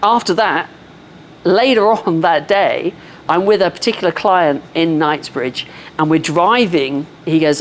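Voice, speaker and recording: A woman, telling a self-deprecating story in a measured, wry way on a live podcast. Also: lowish voice, a little hiss or hum. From England. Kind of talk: casual storytelling.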